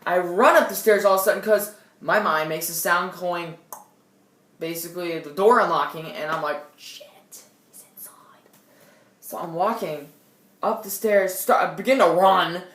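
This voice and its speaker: A young woman vlogging on a tablet at home, telling a scary story in an animated way, with loud outbursts and quiet asides. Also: lowish voice, normal speed, reverberant. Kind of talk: casual storytelling vlog. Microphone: tablet built-in mic.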